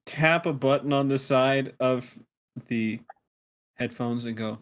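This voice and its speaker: A relaxed man at a tabletop game table, describing what his character does. He talks at an ordinary pitch, hesitating with plenty of ums along the way. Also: takes it slowly. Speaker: player.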